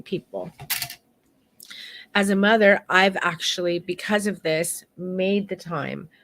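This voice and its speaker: A woman's voice: low voice, slight background noise. A middle-aged woman photography instructor teaching an online course in a heartfelt, candid way, swearing now and then.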